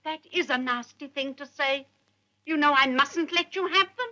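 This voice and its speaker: A woman's voice: high-pitched, normal speed, pushed and bright, a little hiss or hum. A woman playing a fussy, doting old nanny in a 1950s British film, scolding grown men in baby talk. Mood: scolding, coaxing. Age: older. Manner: baby-talking, scolding like to a child.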